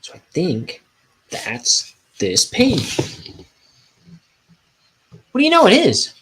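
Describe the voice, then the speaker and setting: A man's voice: high voice, huge pitch swings, takes it slowly, a bit bright, breathy edge, poor audio. A man who is a cartoonist, chatting casually and self-mockingly while he inks his comic on a livestream. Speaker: cartoonist streaming his inking.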